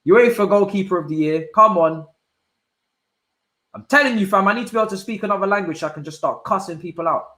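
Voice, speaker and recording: A young man reacting live to a football match, swinging from low muttering to loud shouts and using plenty of slang. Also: fast, roomy sound, poor audio. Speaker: football watch-along streamer. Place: indoor room at home.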